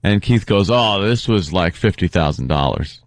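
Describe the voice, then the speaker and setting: A man co-hosting a radio show, telling animated stories full of laughter and quoted voices in casual banter. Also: sits low, moderate pace, no room sound.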